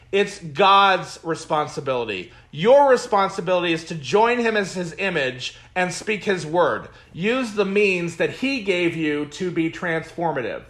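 Slow, emphatic preaching man. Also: sits high, fairly bright tone. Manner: emphatic, repetitive preaching cadence; reads scripture aloud with comments. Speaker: pastor. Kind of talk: Bible study teaching.

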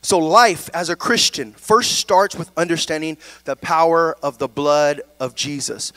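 Male pastor, high voice, dry close sound, preaching style with call-outs. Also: a little slow, a bit bright, no echo. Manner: preaching with call-and-response "amen?" and "right?". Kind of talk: sermon.

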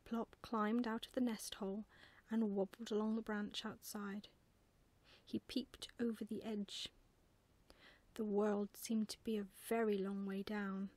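A woman reading a bedtime story aloud in a soft, close whispered role-play style. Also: medium pitch, level tone, a little slow, no room sound.

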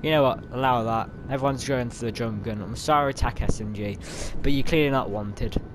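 A young man giving excitable live commentary over his gameplay, yelling at other players and grumbling when things go wrong. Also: mid-range voice, brisk, noisy background. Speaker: gamer. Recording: game sounds loud behind voice.

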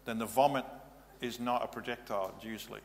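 Plain-spoken pastor in a reverberant hall. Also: male voice, medium pitch, fairly even intonation, a little fast, creaky. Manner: plain-spoken, practical, matter-of-fact. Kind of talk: teaching sermon. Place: church hall. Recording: reverberant hall, faint hum.

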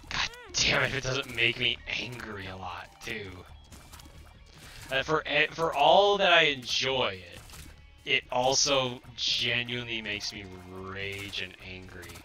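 A man's voice: medium pitch, a little slow, bright, forceful tone, faint music behind. A man giving live gameplay commentary, frustrated and swearing at the game, and tired. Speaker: streamer.

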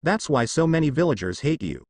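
Man as a kind, earnest young ninja teacher in a storybook reading. Animated, dry close sound. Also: on the high side, a little fast, no echo.

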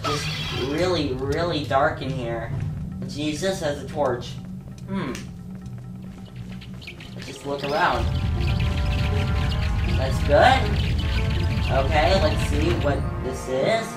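A woman gives casual let's play commentary, chatting to herself and breaking into sudden excited yelps. Her voice is low and her talk is unhurried. It is recorded in an echoey room with game music under it.

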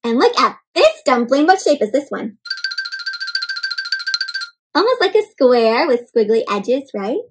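A woman reading a picture book aloud to children, animated and often asking her young listeners questions. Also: high-pitched, a little slow, pauses often, husky, faint music behind. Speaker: children's storyteller. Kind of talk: interactive read-aloud for kids.

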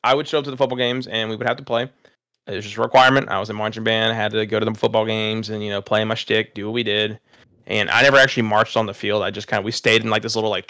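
A man's voice: fairly low pitch, bright, forceful tone, no echo, clean studio sound. A young man telling a rambling, profane story to friends on a podcast, laughing at himself. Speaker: podcast host. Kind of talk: casual storytelling chat.

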